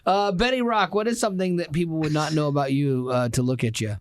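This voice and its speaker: A man's voice: on the high side, quick pace, no room sound. A man hosting a radio show podcast in casual banter, teasing his co-hosts and laughing often.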